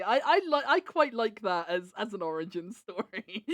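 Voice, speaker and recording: A woman's voice: medium pitch, lively intonation, moderate pace, few pauses, dry recording, clean studio sound. A woman livestreaming from home, chatting casually with viewers, giggling and restarting her words as she talks into a desk microphone.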